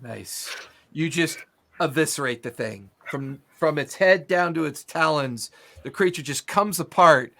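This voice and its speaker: Running a tabletop session, this game master describes a fight with cinematic detail in an easygoing, conversational way, dropping the odd filler. His bright, forceful voice sits slightly high, sounds gravelly, and keeps a measured pace.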